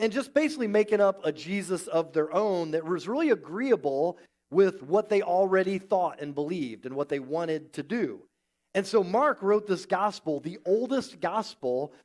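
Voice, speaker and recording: A man pastor preaching a conversational sermon in a church, with an animated, informal manner. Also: on the high side.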